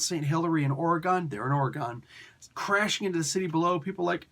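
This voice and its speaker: A man casually recapping a comic storyline, animatedly acting out the characters' lines. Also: fast. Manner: animated storytelling, acts out character quotes with pitch jumps. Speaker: comic book reviewer.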